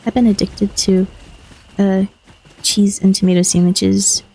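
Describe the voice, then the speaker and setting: A woman streaming a game, chatting in a relaxed, wry way and reading dialogue aloud. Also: medium pitch, unhurried, vocal fry, slightly rough, rough recording. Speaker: gaming streamer. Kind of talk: casual gameplay chat, reading dialogue aloud.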